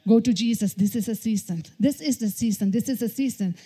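Woman preacher, repeats herself, lots of hallelujahs, warm tone. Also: on the high side, brisk, breathy edge. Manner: repetitive exhortation, frequent hallelujahs. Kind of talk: sermon.

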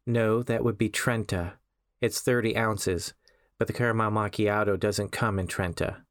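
A man voicing an emotionless young female barista who speaks in a deadpan, flat monotone. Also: fairly low pitch, measured pace, dry recording, studio quality, natural voice.

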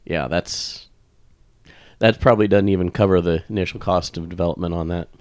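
A man's voice: sits low, steady tone, brisk, darkish tone, dry recording, clean studio sound. A man co-hosting a casual podcast, talking things through at length with some fillers. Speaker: podcast co-host.

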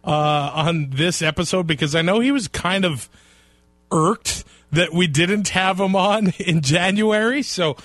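A man's voice: sits high, measured pace, no echo. A man co-hosting a sports podcast, chatting casually and laughing often. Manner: laughs often, lively reactions. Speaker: podcast co-host.

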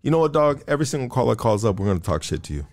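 Animated man hosting a profane call-in show. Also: medium pitch, rapid-fire. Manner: profane, joking street slang, says "dog" constantly; gets loud and animated when ranting. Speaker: podcast host taking calls. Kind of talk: casual call-in podcast banter.

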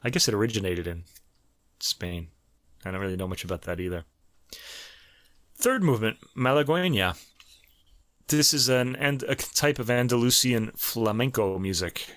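A man's voice: fairly low pitch, expressive, moderate pace, long pauses, a bit bright, dry recording. Chatty New York man reviewing piano music. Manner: conversational, chatty, many fillers and restarts. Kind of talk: casual spoken album review.

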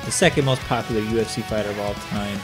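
A man co-hosting a casual podcast, swearing often as he tells an animated story over a webcam. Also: on the low side, quick pace, over music. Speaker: podcast co-host. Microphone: video call webcam.

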